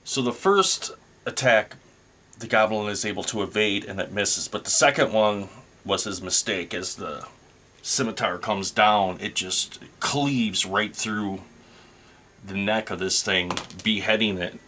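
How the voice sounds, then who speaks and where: Slow, low-voiced man narrating a solo game. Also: bright, forceful tone. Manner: slow, thinking aloud while rolling dice. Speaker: solo tabletop game player.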